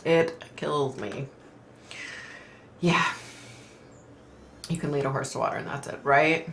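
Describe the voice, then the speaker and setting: A woman's voice: low voice, normal speed, vocal fry, a bit bright, a little hiss or hum. A middle-aged woman hosting a casual live stream, talking in an emotional, rambling way with sighs and fillers. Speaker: host reading viewer comments.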